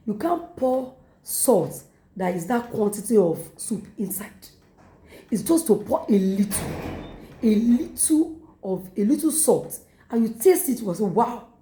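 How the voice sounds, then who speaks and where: Nigerian woman pastor preaching, mellow voice. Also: on the high side, expressive, a little slow, echoey room. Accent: Nigerian English. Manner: repetitive exhortation with acted quotes. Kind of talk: sermon.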